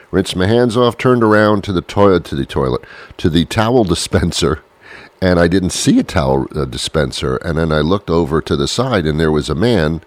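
Deep-voiced man rambling through a comic monologue. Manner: playful, self-mocking, rambling with restarts. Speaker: comedy show host.

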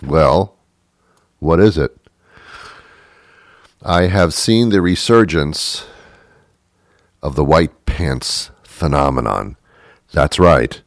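Super deep guy doing a deadpan comedy rant, dry close sound. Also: extremely slow, pauses often, dry recording. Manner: deadpan, repetitive emphatic rants. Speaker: host. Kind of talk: comic monologue.

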